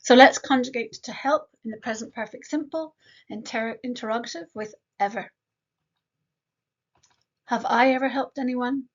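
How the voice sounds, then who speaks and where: Higher-voiced woman teaching English grammar. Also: dull audio. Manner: slow, deliberate modeling of example sentences; addresses the learner directly with quick questions. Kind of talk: online grammar lesson.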